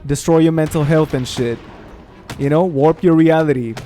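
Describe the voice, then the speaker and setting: Man, gaming streamer, fairly high voice, animated profane venting, faint game music behind. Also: moderate pace. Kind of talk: ranting commentary over gameplay.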